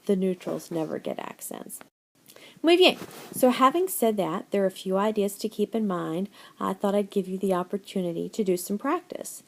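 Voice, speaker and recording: Gravelly, mellow-voiced Spanish teacher woman. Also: medium pitch, fairly even intonation. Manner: encouraging, switches between English and Spanish phrases; reads answer lists slowly and deliberately. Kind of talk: recorded slideshow lecture.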